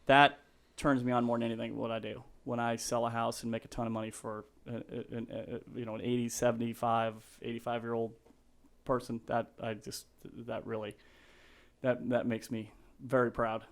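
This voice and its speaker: Halting, earnest man on a podcast. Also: mid-range voice, flat delivery, vocal fry. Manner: halting, full of restarts and fillers; earnest, gets emotional and laughs. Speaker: real estate agent, podcast guest. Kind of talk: casual interview chat.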